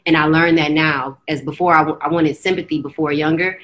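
A young American woman with a notably low-pitched voice, telling her personal story candidly. She talks in an earnest, fast-flowing way and often slips into quoted dialogue. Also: steady tone, fairly bright tone. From United States. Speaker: guest.

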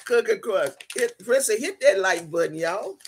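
A woman's voice: medium pitch, lively intonation, normal speed, a little hiss or hum. A woman hosting a casual livestream, reading viewer comments aloud in a playful, teasing way and drawing out her greetings in a sing-song voice. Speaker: livestream host.

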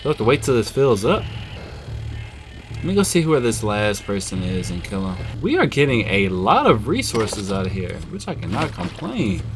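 A man giving casual, chatty let's-play commentary, now and then cooing at an in-game dog in a high coddling voice. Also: big pitch swings, moderate pace. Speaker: gaming video host. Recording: game music playing behind voice.

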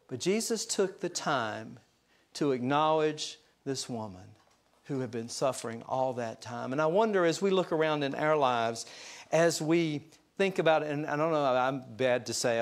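A man's voice: on the high side, lively intonation, normal speed. Folksy man preaching a sermon. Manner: folksy, joking asides to the congregation. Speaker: pastor. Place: church sanctuary.

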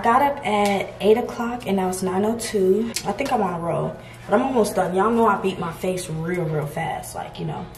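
Young woman from georgia vlogging on her phone, chatty and laid back, kinda echoey hotel room. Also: medium pitch. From Georgia, USA. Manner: chatty, relaxed, slangy, addresses viewers as y'all. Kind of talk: casual vlog chat to camera.

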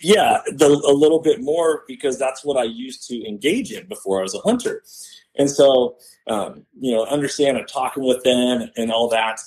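Man telling a lively hunting story. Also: medium pitch, normal speed, low-quality recording. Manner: animated, acts out quoted voices. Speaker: podcast guest, hunter. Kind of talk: casual storytelling.

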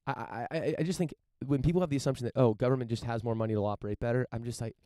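A man from the United States commenting casually on news and reading passages aloud, halting and repeating words as he searches for his point. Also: mid-range voice, warm tone, no echo, studio quality. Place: outdoors in front of a mansion.

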